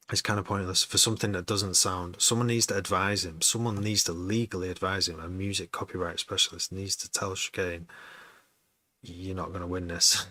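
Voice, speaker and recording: Deep-voiced, bright, rambling man. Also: no echo. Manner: rambling, swears often, laughs at himself; starts and stops mid-sentence, repeats words. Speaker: music producer streaming a session. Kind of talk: casual chat.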